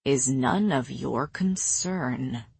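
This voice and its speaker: A woman voicing a protective male warrior who speaks too quietly and firmly. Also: a bass voice, big pitch swings, slow pace, husky, no room sound, voice pushed down, heavily acted.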